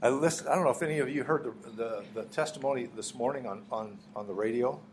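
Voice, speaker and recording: A middle-aged man preaching a sermon as pastor, teaching earnestly, often clearing his throat and restarting phrases. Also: mid-range voice, quick pace, a little hiss or hum.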